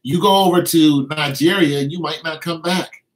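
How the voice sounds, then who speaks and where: A man from the United States rambles emphatically through casual opinions, restarting often and tossing in "you know what I'm saying" asides. His voice is on the high side at a normal speed, and the recording is rough.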